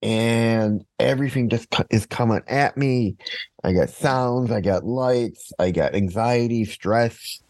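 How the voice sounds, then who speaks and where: A man's voice: medium pitch, slow pace, darkish tone, no echo. A man chatting casually, telling a personal story and acting out what others said. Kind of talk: casual conversation.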